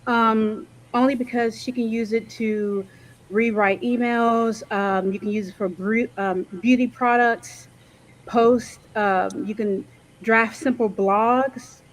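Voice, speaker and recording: A woman on a panel, talking casually with many pauses and self-corrections, over a video call. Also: on the high side, steady tone, low-quality recording. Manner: hesitant, lots of um and self-corrections.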